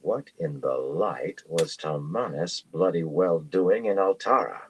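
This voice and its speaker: A man reading a fantasy novel aloud in a steady, measured way. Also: low-pitched, slight background noise, poor audio. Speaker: audiobook reader.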